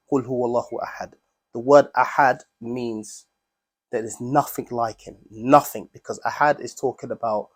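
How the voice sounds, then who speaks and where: A man's voice: mid-range voice, husky. A man teaching a class, explaining Arabic words step by step and often checking in with the students.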